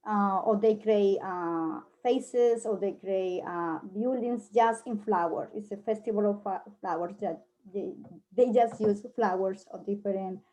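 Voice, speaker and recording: A guest presenter with a Colombian Spanish accent gives a casual talk in what sounds like her second language, often pausing to find the right word. Her mellow, dark-toned voice sits at a middle pitch, and her delivery is halting and full of fillers. The audio has its highs cut off.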